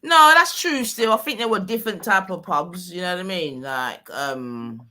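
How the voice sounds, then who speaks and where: A man's voice: sits high, lively intonation, normal speed, sharp tone. A man in casual, hesitant, slangy podcast chat. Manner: hesitant, filler-heavy, slangy.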